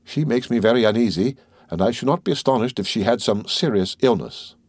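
A man voicing a composed middle-aged lady who speaks in a measured, solicitous way in an audiobook reading. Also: mid-range voice, lively intonation, a little mellow, dry recording. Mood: concerned.

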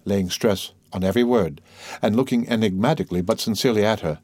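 A man narrating a literary audiobook in a measured, steady way. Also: fairly low pitch, breathy edge, no room sound.

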